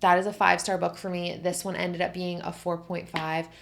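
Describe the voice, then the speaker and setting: A young woman reviewing books in a casual, gushing chat, full of fillers and excited emphasis. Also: lowish voice, brisk, creaky, slight background noise. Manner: gushing, animated, filler-heavy. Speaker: book vlogger.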